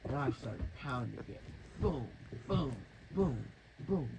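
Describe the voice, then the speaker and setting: A man's voice: mid-range voice, expressive, takes it slowly, noisy background. A man telling a rambling, crude, mock-dramatic improvised story.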